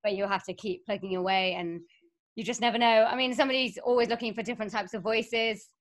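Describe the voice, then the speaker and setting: A woman's voice: fairly high pitch, steady tone, fast talker. A young woman from Wales, a voiceover artist and singer, chatting upbeat and laughing often as an interview guest. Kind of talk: casual interview chat.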